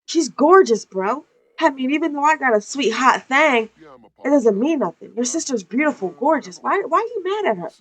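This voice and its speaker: A woman's voice: high-pitched, expressive, normal speed, voice pushed up. A woman voicing a cocky male mafia boss, brash and swearing, calling people bro.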